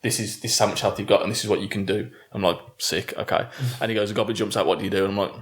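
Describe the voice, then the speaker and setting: A man's voice: on the low side, fairly even intonation. A British man on a gaming podcast, telling a story in casual chat with plenty of laughter. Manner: laughing storyteller, quick asides. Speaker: podcast host.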